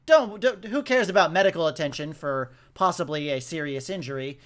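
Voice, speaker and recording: Brief: man, podcast co-host, slightly high voice, casual recap, acts out lines. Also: brisk. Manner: animated, acts out movie lines. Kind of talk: casual movie recap chat.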